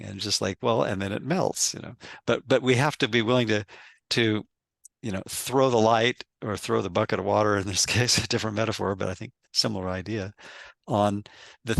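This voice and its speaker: A man hosting a reflective spiritual conversation, halting and repeating words as he searches for phrasing. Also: fairly low pitch, creaky, a bit bright, no echo. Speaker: host and author.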